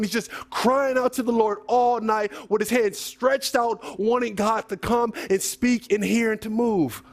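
A middle-aged man delivering a sermon as a pastor. His voice sits high for a man, and he preaches in a casual, conversational way. He leans on rhetorical questions and builds up to emphatic moments. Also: measured pace, few pauses.

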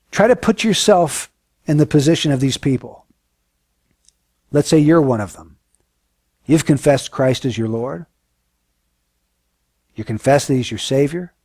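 A man preaching a sermon in an earnest, emphatic way, often dropping to a hushed, solemn tone. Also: fairly high pitch, animated, a little slow, long pauses, no room sound, clean studio sound.

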